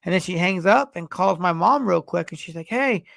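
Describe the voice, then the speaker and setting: A man's voice: sits high, brisk, vocal fry, a bit bright, no echo. A man in his forties co-hosting a podcast, rambling through stories in casual chat and swearing freely. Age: 40s. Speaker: podcast co-host.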